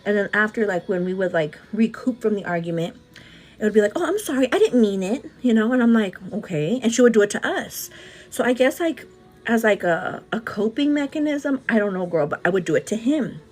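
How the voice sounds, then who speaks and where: A chatty woman in her thirties talks to her live viewers while getting ready, with an average pitch. She keeps calling everyone "girl" and rambles from one thought to the next in a relaxed, open way. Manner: chatty, says "girl" often, quick asides. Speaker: vlogger answering live chat. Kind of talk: casual chat while doing makeup.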